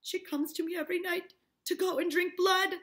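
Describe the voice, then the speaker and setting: A frightened yet scheming teenage girl dodges every accusation in a high, pleading voice, put on by a woman reading a play aloud. She sounds sharp and bright, and her denials rise well above an ordinary speaking pitch. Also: fairly even intonation, normal speed. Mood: accusing.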